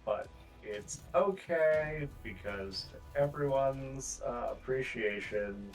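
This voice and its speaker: A man's voice: mid-range voice, lively intonation, takes it slowly. A man narrating as game master of a tabletop game, describing scenes and chuckling as he goes. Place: home streaming setup. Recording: roomy distant mic with faint music.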